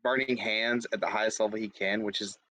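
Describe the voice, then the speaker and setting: A man's voice: lowish voice, steady tone, brisk, pushed and bright, no room sound, poor audio. A man describing his character's actions as a player in a tabletop game.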